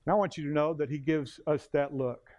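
A male pastor preaching a sermon, retelling scripture with dramatic pauses and slowing for emphasis. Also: a little high, fairly even intonation, darkish tone.

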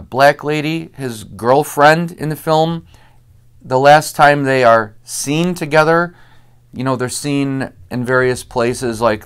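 Casting: man, casual host, smooth clear voice, rambling and chatty delivery. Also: mid-range voice. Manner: chatty, rambling, acts out movie lines. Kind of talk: casual chat.

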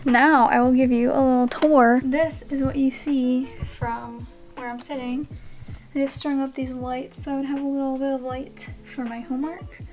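A woman's voice: high voice, steady tone, normal speed, over music. A young woman vlogging her day in a chatty, self-mocking way, sometimes dropping to a near whisper. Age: young adult. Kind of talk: casual vlog chat.

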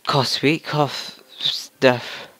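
A man's voice: mid-range voice, steady tone, very slow, sharp tone, no echo. A young man with a slight cough, casually chatting and swearing as he plays and talks to his viewers. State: slight cough, throat sore. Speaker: gaming channel host. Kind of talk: let's play game commentary.

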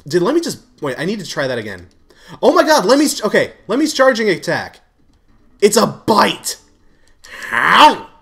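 Excitable man playing a game. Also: high voice, normal speed, vocal fry. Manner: excitable, swears, frequent shouts and laughs. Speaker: gaming YouTuber. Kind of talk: live let's-play commentary.

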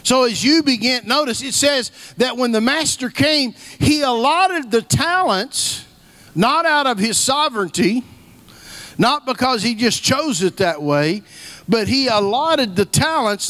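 High-voiced man preaching a folksy sermon. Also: expressive, moderate pace, a bit bright. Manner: storytelling, folksy, repeats key phrases for emphasis. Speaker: guest preacher.

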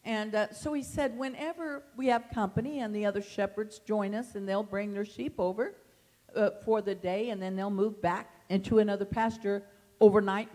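Woman teaching scripture in an echoing hall. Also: fairly high pitch. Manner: tender, emotional and animated, reads scripture aloud. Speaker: Bible study teacher. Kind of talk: Bible study teaching. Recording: long hall reverb.

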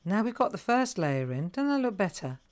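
A woman's voice: medium pitch, sing-song, brisk, darkish tone. A middle-aged woman hosting a live crafting tutorial, chatting to viewers and thinking aloud as she colours. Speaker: craft host.

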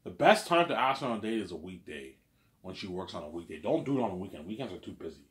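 A man's voice: deep voice, very animated, quick pace. A man telling a story in a casual, rambling monologue, repeating himself and asking "you know what I'm saying?". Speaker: vlogger.

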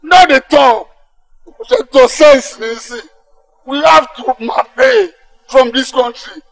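A man's voice: extremely high pitch, animated, takes it slowly, creaky, heavily acted, poor audio. An actor playing an agitated young male gang member with a Nigerian accent, speaking Pidgin English in an insistent, emotional way. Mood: sullen. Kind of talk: Nollywood film acting.

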